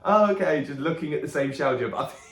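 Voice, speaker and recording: A man co-hosting a podcast, telling a holiday story in casual chat with animated voices and frequent laughs. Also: mid-range voice, rapid-fire. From England. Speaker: podcast co-host. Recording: echoey room.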